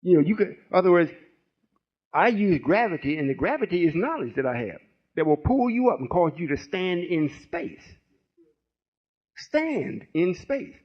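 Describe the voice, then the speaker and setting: A man's voice: fairly high pitch, big pitch swings, normal speed, slightly rough. A man in his late sixties giving a folksy, rambling sermon-style teaching and checking in with listeners. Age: 60s. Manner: folksy, rambling, call-and-response. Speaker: spiritual teacher. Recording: muffled lo-fi recording.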